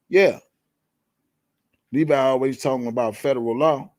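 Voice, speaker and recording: A man's voice: medium pitch, normal speed, long pauses, a little mellow, no echo, clean studio sound. A man hosting a live show, ranting in blunt, profane, confrontational commentary and repeating key words for emphasis. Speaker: livestream show host. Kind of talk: heated commentary rant.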